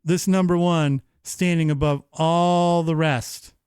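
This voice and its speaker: A man in his thirties hosting a live-streamed show, chatting casually in an animated, profane, rambling way. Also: on the high side, takes it slowly, clear, resonant tone, no room sound, clean studio sound. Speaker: livestream show host.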